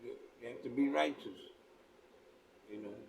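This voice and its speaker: A man's voice: medium pitch, normal speed, vocal fry, a little mellow, a little hiss or hum. A man tells a story in a laid-back street way, laughing at his own tale and filling his talk with "man" and "you know". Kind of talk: casual spoken storytelling. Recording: voice picked up from a distance.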